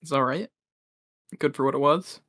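A young man co-hosting a podcast, joking around playfully and warming up for silly voices. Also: a little high, normal speed, no echo, studio quality. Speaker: podcast co-host. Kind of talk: casual chat.

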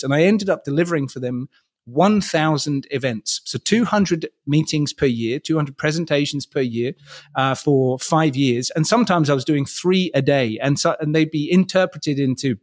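A man's voice: fairly high pitch, no echo. Storytelling man with a dry sound. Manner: measured storytelling with frequent restarts. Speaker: guest, communication trainer. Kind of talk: interview answers.

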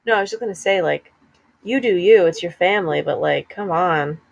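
A woman's voice: fairly low pitch, brisk, gravelly, highs cut off. A woman co-hosting a casual chat, talking in an emphatic, opinionated way full of "like.". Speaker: podcast co-host.

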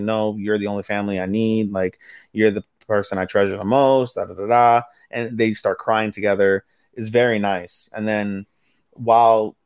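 A lower-voiced man on a casual podcast, retelling anime plots with animated, acted-out quotes and plenty of swearing. His voice sits dry and close on the mic. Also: no echo. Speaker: podcast co-host. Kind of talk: casual anime review chat.

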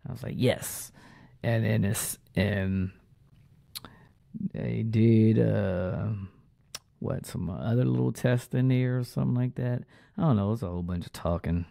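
A man's voice: lowish voice, measured pace, creaky, warm tone, dry recording, studio quality. A man casually telling a personal story in a loose, profane, slangy way.

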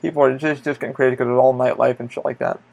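A man's voice: medium pitch, little pitch movement, very fast, gravelly, darkish tone, muffled recording. A man hosting a podcast, telling a story in a loose, rambling way, with lots of swearing and filler words. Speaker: podcast host. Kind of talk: casual storytelling monologue.

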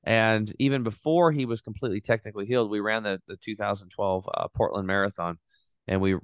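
A middle-aged man telling his story in a casual, animated way as a podcast guest, swearing now and then. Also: fairly low pitch, fast, clear, resonant tone, no room sound, clean studio sound.

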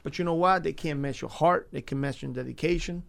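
A man, a former baseball coach, talking in a casual interview in an earnest way, often repeating himself and filling pauses. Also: a little high, gravelly, fairly bright tone. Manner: earnest, repeats words, frequent fillers.

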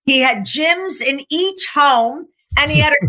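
A woman coach talking in an emphatic, animated way, acting out quotes as she tells stories and slowing down to stress her key points. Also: high voice, slight background noise. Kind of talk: coaching talk to an interviewer.

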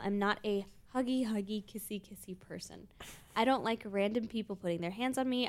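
Chatty young woman co-hosting a podcast. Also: medium pitch. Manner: chatty, opinionated. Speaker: podcast co-host. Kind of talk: casual chat, reading stories aloud.

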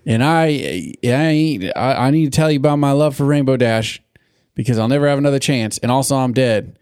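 A man co-hosting a podcast in casual chat, rambling and swearing as he recaps a cartoon episode and acts out lines in quick bits. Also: medium pitch, a little mellow, clear, resonant tone, no room sound, studio quality. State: has the hiccups. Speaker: podcast co-host.

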